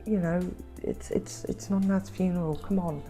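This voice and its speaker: A woman vlogger recounting her family estrangement in an emotional, halting way, repeating words when upset and close to tears at times. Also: lowish voice, steady tone, dark tone, soft background music. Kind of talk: personal storytelling.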